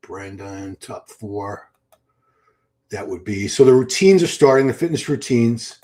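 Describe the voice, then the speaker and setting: A livestream host gives chatty, enthusiastic commentary and reads viewer questions aloud, restarting often. His medium-pitched voice has a dark tone and lively intonation, and he doesn't rush.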